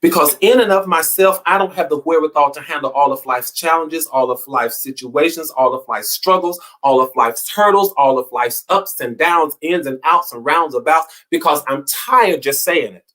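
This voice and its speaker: A man's voice: fairly high pitch, moderate pace, fairly bright tone. A man hosting an inspirational talk, speaking in a preacherly way with repeated phrases and swelling emphasis. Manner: preacherly, repetitive, rising and falling emphasis. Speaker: motivational show host.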